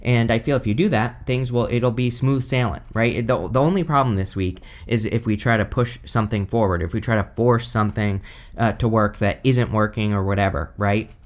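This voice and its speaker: Casual male tarot reader, relaxed conversational delivery with frequent "right?" tags. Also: lowish voice, fairly quick. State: has the hiccups. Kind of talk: casual weekly tarot reading.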